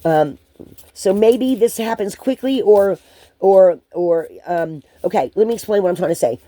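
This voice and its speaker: A woman's voice: mid-range voice, a little slow, mellow. Hesitant woman giving a spiritual card reading. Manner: hesitant, rambling, many ums and restarts. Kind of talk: channeled card reading to viewers.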